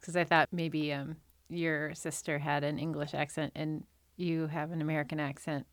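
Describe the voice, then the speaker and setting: Curious, teasing woman with a lowish voice. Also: little pitch movement, moderate pace, no room sound, clean studio sound. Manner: curious, teasing, asks many questions. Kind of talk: casual chat.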